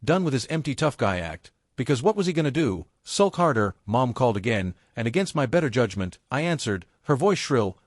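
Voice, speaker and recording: A man narrating a first-person family drama story in an even, steady storytelling read. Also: medium pitch, a little fast, few pauses, no echo, clean studio sound.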